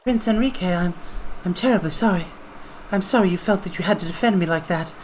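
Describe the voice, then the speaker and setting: A man voicing a gentle, polite young princess in a game, soft and apologetic. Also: sits high, a little fast, slight background noise, voice pushed up, lightly acted, low-quality recording. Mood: timid.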